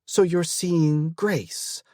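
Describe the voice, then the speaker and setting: A man's voice: on the high side, fairly even intonation, drawn-out words, mellow, no echo, studio quality, pitched above the performer's own voice. A man putting on a stern, impatient pregnant wife. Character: exasperated woman, pregnant estranged wife.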